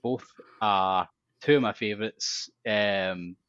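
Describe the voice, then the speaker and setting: A low-voiced man chats as a podcast guest, blunt and jokey. His voice comes through a dull, dry, lo-fi mic. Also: slow pace, fairly bright tone, clear, resonant tone, dry recording. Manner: blunt, jokey, short interjections. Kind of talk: casual chat.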